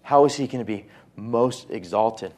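A pastor preaching a sermon in a conversational way, with asides and quoted voices. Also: male voice, medium pitch, normal speed, a little mellow.

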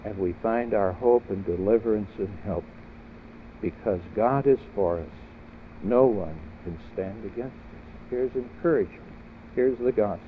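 A man's voice: lowish voice, expressive, measured pace. A man preaching a sermon in an earnest manner, building to emphatic peaks through repeated questions. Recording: tinny phone-like audio with faint noise.

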